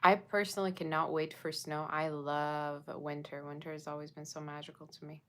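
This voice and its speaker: A woman with a low voice runs a casual tarot reading for her viewers. She talks in a chatty way and checks in with them often. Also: little pitch movement, moderate pace, a bit bright. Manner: chatty, addresses viewers with frequent "okay?". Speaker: tarot reader.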